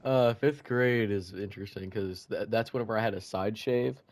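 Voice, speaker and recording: A man's voice: lowish voice, moderate pace, background noise. A young man co-hosting a casual podcast, telling school stories in a laid-back, self-mocking way. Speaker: podcast co-host. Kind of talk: casual storytelling chat.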